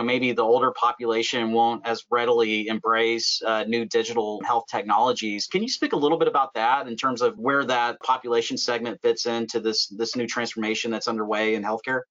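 A man moderating a webinar panel, asking questions in a measured way. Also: mid-range voice, fairly even intonation, fairly bright tone, dull audio.

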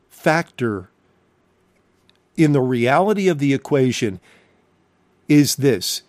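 A man's voice: a little high, a little mellow, no room sound. A man preaching a recorded sermon, emphatic and fond of rhetorical questions.

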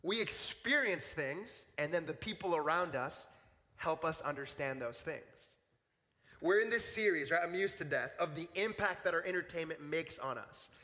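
A man's voice: fairly high pitch, expressive, normal speed, pushed and bright. A man in his thirties, a young adults pastor, preaching casually and telling stories to a church group. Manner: casual, storytelling, acts out voices in quotes. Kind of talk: sermon with personal stories. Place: church hall. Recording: long hall reverb.

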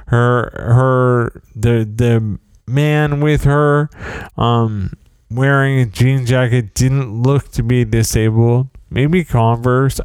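A man's voice: mid-range voice, a little mellow, smooth, no echo. A middle-aged man hosting a podcast, telling rambling, self-deprecating stories in a casual solo monologue. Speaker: podcast host.

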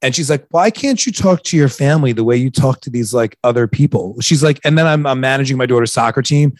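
A man's voice: medium pitch, fast, dry recording, studio quality. A man in his thirties hosting a casual chat, joking and rambling, often stumbling over his words. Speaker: podcast host.

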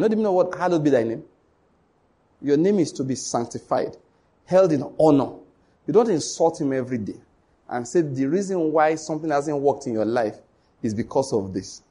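A man's voice: on the high side, warm tone, breathy edge. A man preaching a sermon, emphatic and repetitive, often asking the congregation whether they follow.

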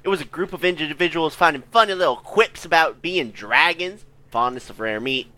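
Crude sarcastic co-host, bright voice. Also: medium pitch, a little fast. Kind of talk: casual podcast chat.

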